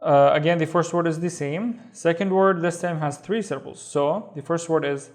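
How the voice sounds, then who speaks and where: Patient man teaching word by word. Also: fairly high pitch. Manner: patient, sounds out syllables slowly and repeats them. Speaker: Arabic teacher. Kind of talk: slow step-by-step reading lesson.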